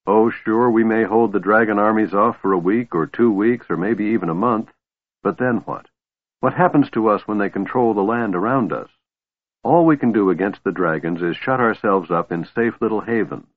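A man's voice: lowish voice, moderate pace, no room sound, natural voice. A man voicing a weary, bitter young elf woman commander, sighing through her lines. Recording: tinny phone-like line, dry.

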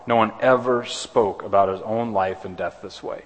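A man's voice: fairly low pitch, steady tone, normal speed. A man preaching a sermon as pastor, earnest, often restarting and repeating words. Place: church sanctuary. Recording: long hall reverb.

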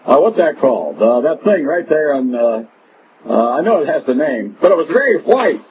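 Brief: man doing a vain, halting, tipsy politician for a radio bit, lively pitch. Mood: pompous, rambling. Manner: halting, rambling, full of uh. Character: boozy, vain male politician, rambling and self-admiring. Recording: muffled radio broadcast with noise.

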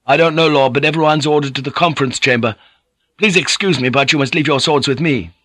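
A tense young samurai apologises at every turn with stiff courtesy, as a man narrating an audiobook puts him on. The voice is pitched well above the reader's own and bright. The sound is dry and close. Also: fast talker, dry recording. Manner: overly polite, apologetic.

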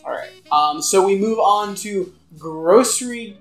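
A man hosting a casual podcast, relaxed and joking as he introduces listener submissions. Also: high voice, measured pace, echoey room, faint music behind. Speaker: podcast host. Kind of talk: casual chat.

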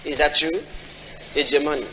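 A man preaching a sermon, often asking the congregation questions and acting out quoted voices in a high pitch. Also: steady tone, moderate pace, bright, forceful tone, slight background noise. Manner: call-and-response questions to the congregation. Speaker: pastor. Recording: dull audio in a large reverberant hall.

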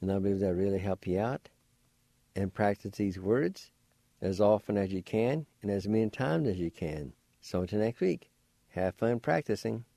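A man with a fairly low, mellow voice leads a radio language lesson. He speaks very slowly and deliberately, breaking each word into syllables. The sound is close and dry, as from a studio. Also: no room sound. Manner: slow, careful, spells and sounds out words syllable by syllable. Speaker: radio host teaching Cherokee words.

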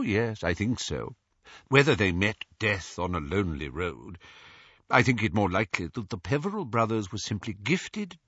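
A man reading the part of an old, remorseful male wizard mentor who speaks softly and haltingly. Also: lowish voice, slightly rough, no room sound, muffled recording, exaggerated voice. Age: older. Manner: soft, halting, confessional.

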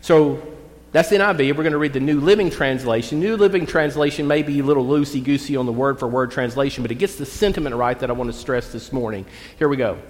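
In a church sanctuary, a male pastor delivers a relaxed, folksy sermon at a middle pitch. He reads scripture slowly and deliberately, his words trailing off into a long church reverb.

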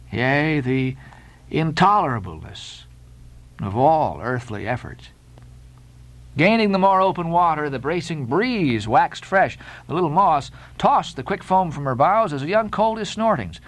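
A man reading a classic novel aloud as an audiobook narrator, dramatic and expressive. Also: a little high, poor audio.

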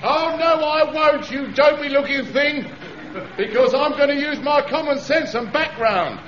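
Rude mocking warden, very high voice, old radio recording with hiss. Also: male voice, a little slow, fairly bright tone, highs cut off. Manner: rude, mocking, coarse working-class Londoner. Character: rude, mocking working-class male warden. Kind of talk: 1970s radio sitcom acting.

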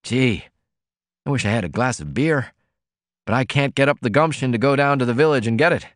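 A man voicing a worn-out, blustering male laundryman who talks in a rough, folksy drawl. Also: mid-range voice, expressive, brisk, dry recording, clean studio sound, natural voice. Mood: weary.

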